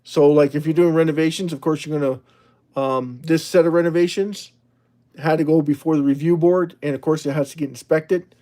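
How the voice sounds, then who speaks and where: A man hosting a livestream in a loose, rambling way, chatting with viewers and reading their messages aloud. His voice sits a little higher than most men's. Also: steady tone, fairly quick, mellow. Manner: rambling, chatty, with frequent restarts and laughs. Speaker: livestream host. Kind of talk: casual livestream talk reading out chat.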